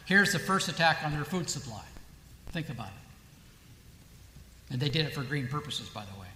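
A man's voice: on the high side, sing-song, quick pace, pushed and bright. A man giving a lecture with emphasis, asking rhetorical questions and answering them himself. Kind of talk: lecture with read-out quotations. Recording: echoey hall with long reverb.

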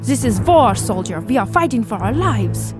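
A woman voicing a furious German army lieutenant who barks loud, harsh orders in an audiobook, over a film-style music score. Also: on the high side, big pitch swings, normal speed. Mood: angry, barking.

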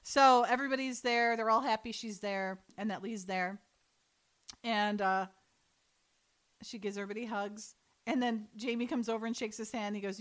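A woman's voice: fairly high pitch, steady tone, moderate pace, fairly bright tone. A woman co-hosting a casual chat, retelling scenes and quoting the characters as she goes. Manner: chatty, retells scenes with quoted voices and laughs. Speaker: podcast co-host recapping a TV episode.

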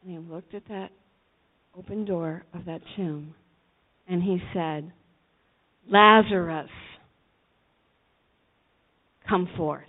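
A woman preaching a sermon, retelling a story with dramatic swings between hushed and shouted passages. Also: fairly low pitch, fairly even intonation, measured pace, pauses often, slightly rough. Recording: tinny phone-like sound.

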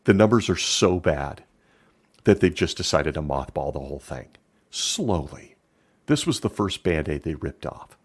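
A man's voice: low voice, expressive, moderate pace, slightly rough. A middle-aged man giving opinion commentary in a sarcastic, emphatic way.

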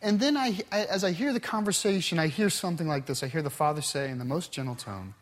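A man's voice: a little high, expressive, fast, hardly any pauses. Earnest middle-aged man teaching a Bible class. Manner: earnest, anecdotal storytelling with many restarts.

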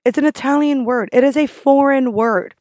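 A woman's voice: high voice, normal speed, darkish tone, dry recording, studio quality. A woman who works as a restaurant server, ranting in a casual vlog, blunt and sassy with lots of swearing.

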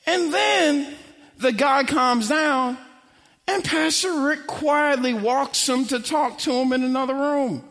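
A man's voice: very high voice, unhurried, a bit bright, in a large hall. A man preaching a sermon, telling a story with acted-out quotes and building to emphatic, repeated lines.

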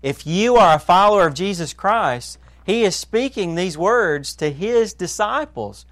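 Pastor, man, high voice, dry close sound; earnest sermon, hushed to emphatic, asks the listeners questions. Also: animated, a little slow, dry recording.

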